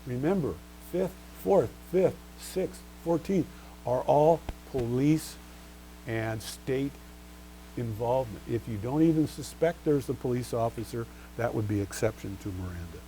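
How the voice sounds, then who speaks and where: Man, law lecturer, warm mellow tone, rhetorical questions, faint hum behind. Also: medium pitch, unhurried, low-quality recording. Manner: rhetorical questions, answers them himself; stresses key terms and spells out case names. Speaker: bar exam lecturer.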